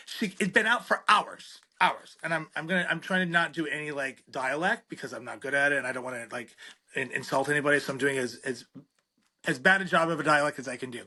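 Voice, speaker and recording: A middle-aged man, a veterinarian, telling a comic story in an interview in an animated, self-deprecating way and acting out the dialogue. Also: fairly high pitch, fast. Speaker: veterinarian, podcast guest.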